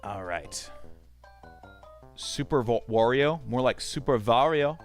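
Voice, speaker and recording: A man's voice: mid-range voice, expressive, slow pace, faint music behind. A man streaming a game, chatting casually and swearing often as he reads chat aloud and rambles. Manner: profane, rambling, talks to chat.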